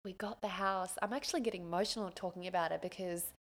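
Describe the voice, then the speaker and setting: A woman in her thirties, hosting a podcast and telling a personal story in an animated, emotional way with many exclamations. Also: fairly low pitch, fast talker. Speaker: podcast host.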